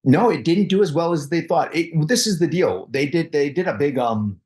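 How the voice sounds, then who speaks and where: A middle-aged man, a guest actor in a casual interview, telling animated stories while stumbling and repeating words. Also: a little high. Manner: halting, restarts and repeats words often.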